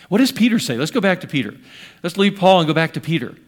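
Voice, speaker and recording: A man in his sixties preaching a sermon in an earnest voice, rising to loud emphasis and dropping to hushed asides. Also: fairly high pitch, animated, fast talker. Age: 60s. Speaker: pastor.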